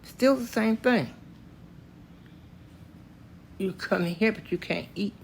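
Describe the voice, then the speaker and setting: An older man from Tennessee, slowly and plainly recounting a story from his own life. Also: high voice, vocal fry, a little hiss or hum. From Tennessee, US South. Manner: slow, plainspoken, matter-of-fact telling. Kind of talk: spoken personal story.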